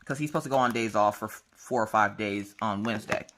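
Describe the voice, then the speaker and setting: A woman's voice: a bass voice, fast talker, a little hiss or hum. A woman chatting casually to camera while crafting, telling a story and acting out the people in it. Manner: animated storytelling, acts out dialogue. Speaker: vlogger.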